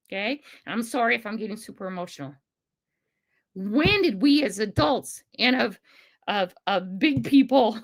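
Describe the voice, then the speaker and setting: An older woman hosting a casual livestream in a high-set, bright, sharp voice. Her pitch swings widely as she gets emphatic and impassioned. She rambles between points and laughs often. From Pacific Northwest of the USA. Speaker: livestream host.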